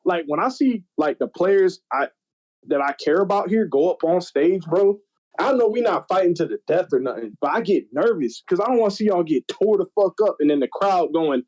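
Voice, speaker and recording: A young man in casual podcast chat, telling stories in an animated, slangy, profane way. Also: high voice, a little fast, rough recording. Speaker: podcast guest.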